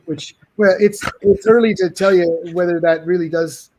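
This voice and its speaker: A man's voice: sits high, fairly even intonation, moderate pace, darkish tone, slight background noise. A man, a game publisher guest, talking casually on a video call, friendly and rambling with frequent restarts.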